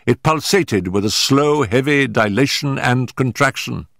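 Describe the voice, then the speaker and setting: A man narrating an audiobook in a deliberate, dramatic manner. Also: medium pitch, vocal fry, a bit bright, no room sound, clean studio sound. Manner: deliberate and dramatic, in period prose. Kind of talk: scripted narration.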